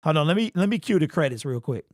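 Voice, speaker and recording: Young guy hosting a fan stream, high voice, dry close sound, keeps saying bro, fired up. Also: quick pace, no room sound. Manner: excitable, slangy, talks straight to the chat with lots of "bro". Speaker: livestream postgame show host. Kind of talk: casual livestream chat reacting to viewers.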